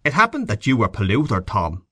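Grave worldly official, voiced by a male reader, lively telling voice, dry sound. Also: on the low side, brisk, slightly rough, no room sound, heavily acted. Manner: grave, then mocking as a drill sergeant. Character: middle-aged official, grave and worldly storyteller. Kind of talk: audiobook character voice.

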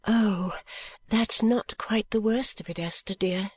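Woman doing a shy young girl, soft and whispery, dry close sound. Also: mid-range voice, takes it slowly, breathy edge, no room sound. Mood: tender. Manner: soft and bashful, often whispery.

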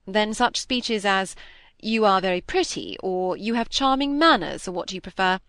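A woman reading aloud, voicing a tired, plaintive young gentleman with mild gallantry. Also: mid-range voice, animated, normal speed, no echo, studio quality.

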